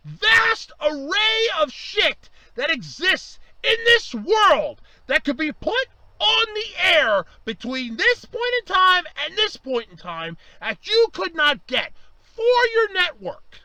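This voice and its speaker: A man ranting angrily to camera, swearing and raising his voice to yelling, his voice strained from shouting. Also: very high-pitched, no echo, low-quality recording. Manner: heated, swearing, raises voice to yelling. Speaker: vlogger. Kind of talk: angry ranting monologue.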